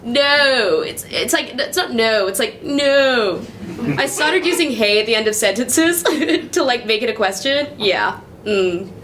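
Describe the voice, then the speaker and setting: A woman's voice: on the high side, animated, unhurried, a bit bright, slight background noise. An actress playing a chatty young American woman from New Mexico, full of fillers and laughing asides, on a small live stage. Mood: amused. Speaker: stage actor in verbatim theatre.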